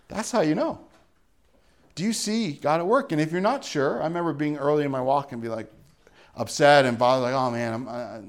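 A man preaching a sermon as pastor, earnest and emphatic, moving into a quiet closing prayer. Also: a little high. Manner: earnest, rising to emphatic then hushed in prayer.

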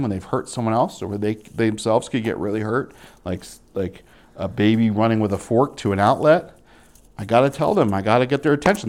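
A young man preaching a sermon in an animated way, acting out the voices of the people he quotes. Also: medium pitch.

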